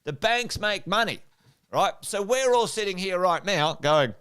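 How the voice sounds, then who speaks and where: A middle-aged Australian man who coaches people on investing talks to a livestream audience from a whiteboard in a high, smooth, unhurried voice. He's lively, repeats key points, and quizzes the viewers.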